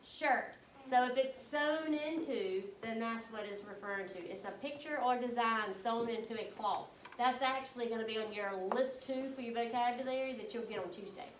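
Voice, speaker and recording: A woman's voice: on the high side, moderate pace, hardly any pauses, slight background noise. A woman teacher reading a book aloud to her class, prompting the students with questions. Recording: echoey room, mic from a distance.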